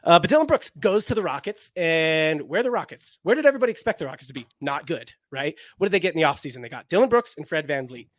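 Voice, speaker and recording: A man's voice: on the high side, very animated, quick pace, few pauses, no room sound, clean studio sound. A young man co-hosting a casual basketball chat, rambling with lots of "like" fillers. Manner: rambling, heavy use of "like" fillers. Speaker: basketball podcast co-host.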